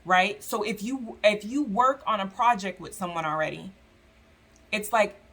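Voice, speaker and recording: A woman giving a casual tarot reading to viewers, talking in a loose, chatty way with many fillers. She often slips into quick acted-out voices for the people and spirits she describes. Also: mid-range voice, pushed and bright. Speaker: tarot reader.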